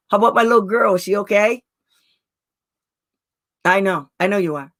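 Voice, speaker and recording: A woman's voice: mid-range voice, normal speed, fairly bright tone. A woman special education advocate talking to parents in a blunt, angry rant, raising her voice at times and laughing between outbursts. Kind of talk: heated live talk to parents.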